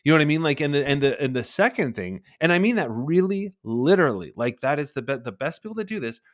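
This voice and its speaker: A man's voice: on the high side, very animated, fast talker. A man in his forties, a guest on an interview podcast, who talks animatedly and acts out little bits of dialogue. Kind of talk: conversational interview.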